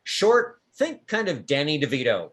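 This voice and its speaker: A man's voice: a little high, huge pitch swings, a little slow, a bit bright. A man narrating as game master of a tabletop game in a casual, rambling way.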